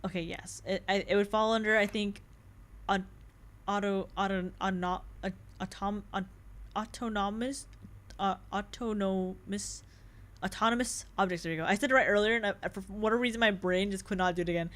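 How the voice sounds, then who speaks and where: A young adult woman streaming a game with casual commentary, excitable and jumpy, laughing and swearing often. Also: medium pitch, fairly quick. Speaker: VTuber streamer.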